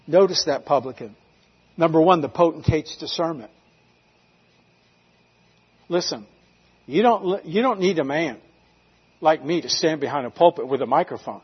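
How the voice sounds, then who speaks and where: A pastor from North Carolina preaches with emphasis, his voice high for a man and husky. He swings from loud declarations to near-hushed lines. The recording sounds a little dull and lo-fi. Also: animated, normal speed, pauses often, big-room sound. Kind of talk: sermon.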